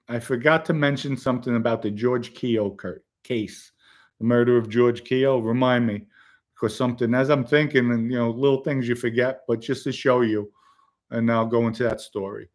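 A man spins a story for his live chat in a blunt, streetwise manner that rambles through fillers and side remarks. His voice sits at an ordinary pitch for a man. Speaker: livestream host telling a story.

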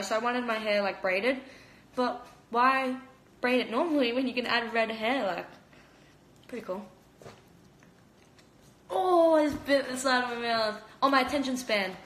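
A young Australian woman, a fighter streaming live, chats casually into her phone camera from her home kitchen. Her voice is a little high with a fairly bright tone, and she rambles and giggles, saying "like" constantly. The recording has a roomy kitchen echo and a little hiss or hum.

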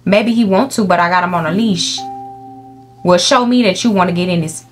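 Young woman gaming host, animated and cussing, faint music behind. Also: on the low side, fairly quick. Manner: animated, profane, talks to the game animals and viewers. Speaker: gaming YouTuber. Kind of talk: casual let's-play commentary. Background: faint game music.

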